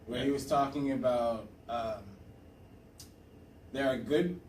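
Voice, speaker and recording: A man's voice: mid-range voice, fairly even intonation, slow pace, pauses often, darkish tone. A young man co-hosting a casual podcast, joking and talking over his friends. He sits well back from the mic, so his voice sounds roomy and distant, with faint noise behind him. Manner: joking, talks over others, breaks into a mock accent. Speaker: podcast co-host. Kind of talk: casual chat.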